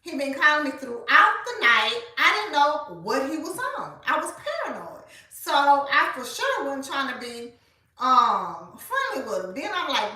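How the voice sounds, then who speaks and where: A woman, telling a story in a casual, animated way and speaking straight to her listeners. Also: high-pitched, a little slow, distant mic. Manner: animated, colloquial, addresses listeners as y'all. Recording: echoey room, voice off-mic.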